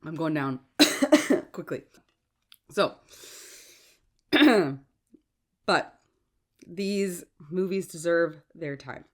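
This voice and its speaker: A woman's voice: on the low side, lively intonation, drawn-out words, pauses often. Sick lady hosting a podcast, sore throat, kinda stumbly and chatty, keeps apologizing. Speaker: podcast host. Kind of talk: casual solo podcast talk.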